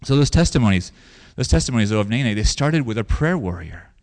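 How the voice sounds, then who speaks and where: A man's voice: mid-range voice, big pitch swings, brisk, darkish tone. A man preaching a sermon in a conversational way, telling stories and repeating phrases for emphasis. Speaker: pastor.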